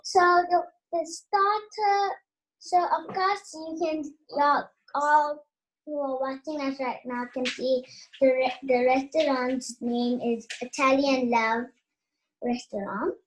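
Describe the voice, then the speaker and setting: Shy guest, high and slow, halting menu reading over a call. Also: female voice, steady tone, a little hiss or hum. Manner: hesitant, with fillers and restarts. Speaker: kid entrepreneur guest.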